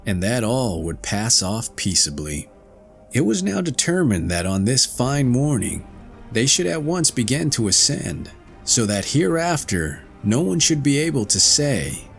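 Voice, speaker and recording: A male storyteller reads classic fairy tales aloud at an unhurried pace, his voice rough and gravelly. His delivery is lively, rising and falling to paint each scene, with soft music faintly underneath. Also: mid-range voice. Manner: slow, expressive fairy-tale reading. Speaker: audiobook narrator. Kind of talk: storybook narration.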